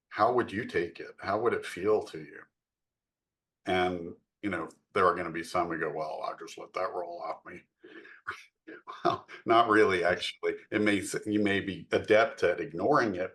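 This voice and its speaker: Deep-voiced man, measured podcast talk. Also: a bit bright. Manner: measured and explanatory, with frequent fillers. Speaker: podcast co-host. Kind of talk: podcast discussion.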